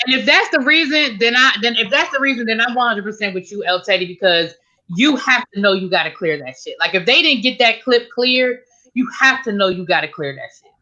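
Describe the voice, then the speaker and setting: A woman on an online panel who hedges with fairness and restates her points. Her tone is bright and forward at an ordinary pitch. The audio is dull and lo-fi. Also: lively intonation, fairly quick. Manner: conciliatory, repeats "in all fairness". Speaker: YouTube commentator on a panel. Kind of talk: casual panel discussion.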